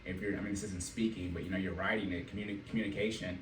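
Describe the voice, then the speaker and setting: A man hosting a casual podcast and working as a financial coach, telling animated stories and laughing often. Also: low voice, quick pace. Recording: echoey room, mic at a distance, faint noise.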